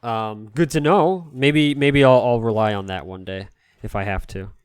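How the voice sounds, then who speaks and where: A man's voice: mid-range voice, normal speed, clear, resonant tone, dry recording, studio quality. A man chatting casually to his live-stream viewers while cleaning a console, rambling and self-deprecating, laughing often.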